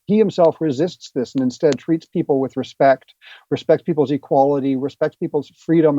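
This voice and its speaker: A man, an author being interviewed, explaining his ideas earnestly with halting restarts. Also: mid-range voice, warm tone, dry recording, dull audio. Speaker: author guest. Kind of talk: interview answers.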